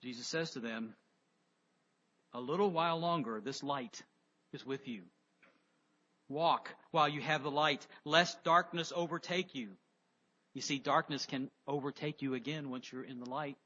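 A man preaching a sermon, emphatic, rising loud on key words and dropping low on others. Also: normal speed, pauses often. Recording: dull lo-fi sound with long reverb.

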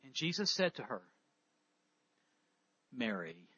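A man's voice: a little high, expressive, moderate pace, sharp tone, muffled recording. A man preaching a sermon, reading scripture aloud and then explaining it with rhetorical questions.

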